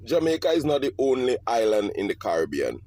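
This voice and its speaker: A man from Dominica addressing viewers in a measured, polite way. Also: medium pitch, very animated, a little mellow, no room sound.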